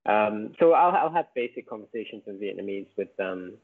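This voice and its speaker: A man from Scotland with a softened Scottish accent, chatting casually as a podcast guest, rambling and correcting himself as he goes. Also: lowish voice, expressive, a little fast. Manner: rambling, self-correcting, chuckles often. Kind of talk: casual chat. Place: home in Vietnam. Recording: tinny phone-like remote call.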